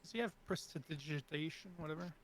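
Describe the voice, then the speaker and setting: A man's voice: fairly high pitch, fast, a bit bright, no room sound. A man playing in a tabletop game, chatting casually and asking questions with some hesitation. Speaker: player.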